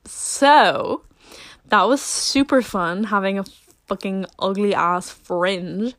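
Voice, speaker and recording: A woman's voice: medium pitch, slow, a bit bright, no room sound. Chatty teen girl, dry close sound. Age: late teens. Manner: rambling, filler-heavy, self-deprecating. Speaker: vlogger. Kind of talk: casual chat to camera.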